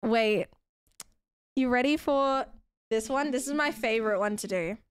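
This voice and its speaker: Woman, game streamer, casual chatty and giggly, high pitch, slow pace. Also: clear, resonant tone, no room sound, studio quality. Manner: chatty, giggly, talking to chat. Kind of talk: casual live-stream chat.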